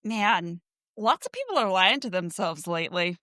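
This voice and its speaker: A woman's voice: medium pitch, sing-song, moderate pace, pushed and bright, no echo. A woman with a mid-range voice co-hosts a casual book podcast. She chimes in agreeably, makes wry asides and laughs easily. The sound is close and dry. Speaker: podcast co-host.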